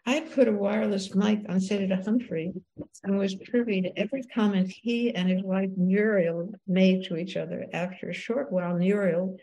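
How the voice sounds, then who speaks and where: A woman in her eighties reads from her memoir in a mellow, warm tone. Off the page, she talks reflectively, with halting restarts. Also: medium pitch, poor audio. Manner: reflective, halting restarts when speaking freely. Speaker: author and filmmaker. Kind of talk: reading her memoir aloud, then interview answers.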